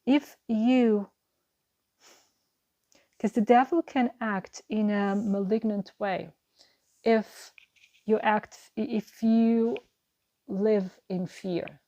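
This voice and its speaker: A woman's voice: medium pitch, fairly even intonation, drawn-out words, pauses often, warm tone, lo-fi sound. Woman giving a reassuring tarot reading. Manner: earnest, reassuring, musing with repeated phrases. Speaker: tarot card reader. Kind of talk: tarot reading monologue to camera.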